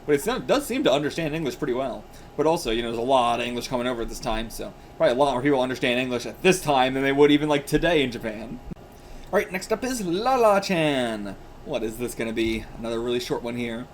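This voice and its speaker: A man's voice: medium pitch, animated, fast talker, slight background noise. A man hosting a manga reaction video, talking in a chatty, casual way, laughing often and filling his talk with "like" and "you know".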